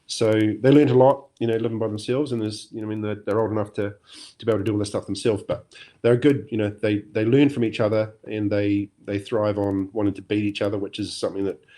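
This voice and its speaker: A middle-aged man with a New Zealand accent, chatting as a podcast guest in a relaxed, rambling way with many fillers. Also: lowish voice, quick pace. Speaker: podcast guest, former motocross champion. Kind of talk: casual interview chat.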